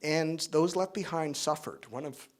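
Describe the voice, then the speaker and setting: A middle-aged man gives a keynote speech at an awards event. His voice sits a little on the high side, and he talks in a relaxed, conversational way. He fills pauses with um and often adds right, with the odd joking aside. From Spain, raised in Canada. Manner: frequent fillers and tag questions. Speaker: keynote speaker.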